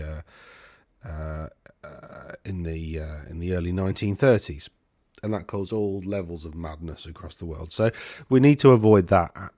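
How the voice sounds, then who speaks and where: A man with a fairly low voice talks through financial charts in a relaxed, conversational way. He thinks aloud as he explains. The sound is dry and close, with no room echo. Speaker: financial planner and host. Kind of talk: casual explanatory talk over charts. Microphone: own microphone.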